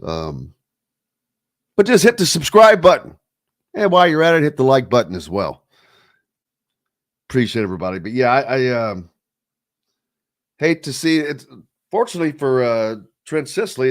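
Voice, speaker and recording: Rambling sports radio host, dry sound. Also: male voice, mid-range voice, big pitch swings, normal speed, long pauses, no echo. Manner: loose and rambling, many fillers, reads chat comments aloud. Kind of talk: casual sports talk with listener comments.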